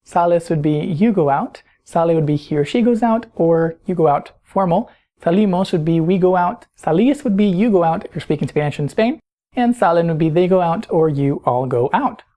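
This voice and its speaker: Woman teacher, low mellow voice, patient explainer who quizzes the listener. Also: expressive, normal speed. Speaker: Spanish teacher. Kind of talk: recorded grammar lesson.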